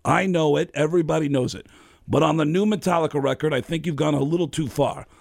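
A man's voice: fairly high pitch, fast, gravelly, no room sound, clean studio sound. A man doing a blunt, boastful rock star. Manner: blunt, self-assured, bragging. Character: boastful male rock star, middle-aged.

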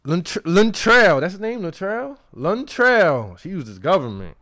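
A man hosting a podcast in casual chat, reading listener emails aloud in an animated, slangy way and laughing along. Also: high-pitched, a little slow. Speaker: podcast host.

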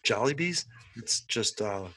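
A man's voice: mid-range voice, animated, unhurried, fairly bright tone, slightly rough, no echo, low-quality recording. A man co-hosting a podcast over a video call, telling stories in an easygoing, chatty way. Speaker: podcast co-host. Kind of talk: casual podcast chat.

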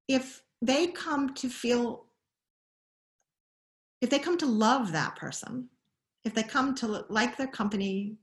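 A middle-aged woman explaining child attachment in an interview, thoughtful, pausing and restarting her sentences often. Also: on the high side. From Scotland. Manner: thoughtful, many restarts and pauses. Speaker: guest expert on child attachment. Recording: roomy echo.

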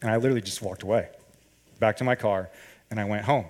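A man telling a personal story in a sermon, animated and acting out the dialogue. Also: fairly low pitch, fast talker.

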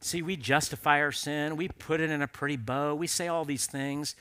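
A man's voice: fairly high pitch, fairly even intonation, normal speed, bright, forceful tone, clear, resonant tone. A man preaching a sermon in an earnest, conversational storytelling way, appealing directly to men in the audience.

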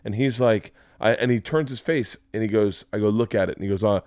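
Lowish-voiced guy in his 40s, podcast host rambling through a story, very dry close sound. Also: fairly quick, no room sound. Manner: animated, rambling, acts out quotes. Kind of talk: casual storytelling chat.

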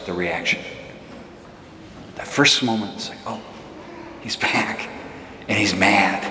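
A man's voice: lowish voice, fairly bright tone, a little hiss or hum. A man giving a homily in a conversational, storytelling way, chuckling now and then. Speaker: priest. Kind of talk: sermon. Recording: echoey church hall.

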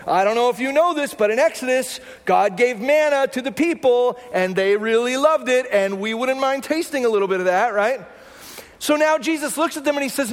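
Guy pastor giving a sermon, chatty style, really high voice, echoey hall sound. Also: a little fast. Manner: conversational preaching with rhetorical "right?" asides.

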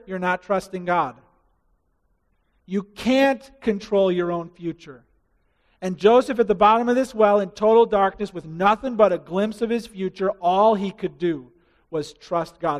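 A man preaching a sermon with passion, building to loud rising emphasis and dropping to hushed asides. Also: high voice, unhurried, big-room sound. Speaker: pastor.

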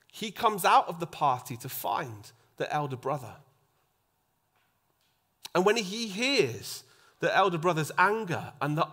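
A man preaching a sermon, acting out the voices in the story and dropping to a soft hush for emphasis. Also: fairly high pitch. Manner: animated, acts out quoted voices, drops to a soft hush for emphasis.

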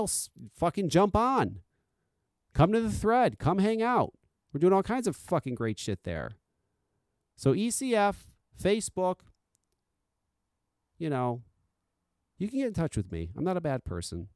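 Profane, animated man hosting a podcast. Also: high-pitched, dry recording, clean studio sound. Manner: blunt and profane, swings between loud insistence and quiet confiding. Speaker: podcast host. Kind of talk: casual solo podcast rant.

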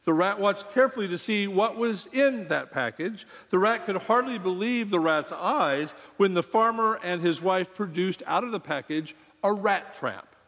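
A pastor preaching and telling a story to his congregation, with measured delivery and dramatic pauses. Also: high voice, expressive, a bit bright. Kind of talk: sermon with storytelling. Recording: long hall reverb.

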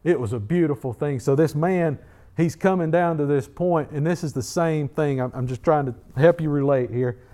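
A man's voice: on the high side, moderate pace, dark tone. A middle-aged man preaching a sermon in a conversational way, often repeating words as he builds emphasis. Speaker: pastor.

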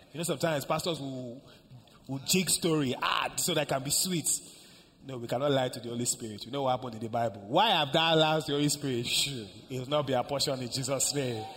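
A male pastor preaching a sermon, telling a story and acting out the dialogue, moving between hushed lines and loud ones. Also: medium pitch, slight background noise. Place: large church hall. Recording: echoey church hall with faint ambience.

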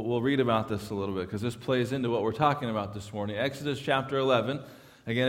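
A pastor preaches in a church sanctuary, his mid-range voice trailing off in long reverb. He speaks with emphasis and keeps restarting phrases, repeating words each time.

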